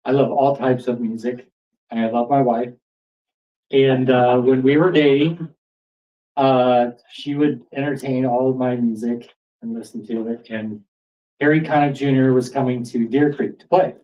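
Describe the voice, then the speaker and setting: A man telling a true story at a live storytelling event in a pub, animated and building excitement. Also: medium pitch, measured pace, recorded from a distance, muffled recording. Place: pub stage before an audience.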